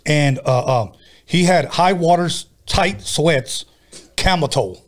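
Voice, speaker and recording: A man's voice: a little high, slow, slight background noise. A man hosting a podcast, telling casual, profane stories in a laid-back way. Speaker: podcast host. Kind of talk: casual storytelling chat.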